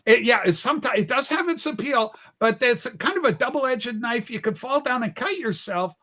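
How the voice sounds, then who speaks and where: A man with a very high and bright voice hosts a casual livestream chat. He teases his guests and plays things up in a jokey, theatrical way. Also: expressive, normal speed. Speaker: livestream host.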